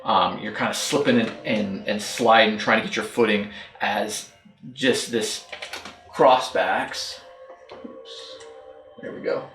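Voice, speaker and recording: A man's voice: on the low side, takes it slowly, pauses often, a bit bright. Male dungeon master, casual rambling narration, echoey room, faint music under. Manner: rambling, filler-heavy narration. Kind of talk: narrating a tabletop game.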